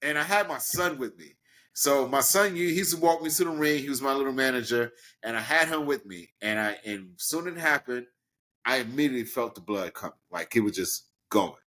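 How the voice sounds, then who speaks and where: A professional wrestler from Brooklyn, New York, tells a story as an interview guest in a brisk, casual, conversational way. His voice rests at an ordinary middle pitch, but he gets animated, acting out the characters with sudden high leaps.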